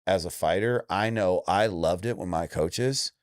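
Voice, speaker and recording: Speaking a little slowly in an echo-free studio recording, a man in his forties from Indiana, an MMA coach, talks candidly as an interview guest. He's emphatic and direct, acting out what others said with jumps in pitch.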